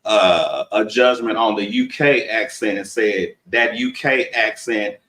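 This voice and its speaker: A man's voice: on the low side, a little slow, sharp tone, reverberant, far from the mic, poor audio. A man from Texas with a Southern accent, chatting casually and rambling as co-host of a live discussion. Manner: rambling, conversational, laughs often.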